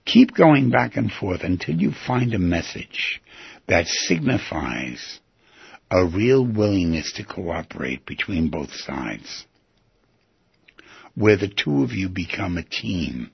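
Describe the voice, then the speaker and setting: A man's voice: low voice, big pitch swings, takes it slowly, gravelly, breathy edge, no room sound. A man teaching an inner-dialogue exercise, speaking in an earnest, coaching manner, recorded on a dull lo-fi track. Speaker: self-help teacher. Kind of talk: guided instruction.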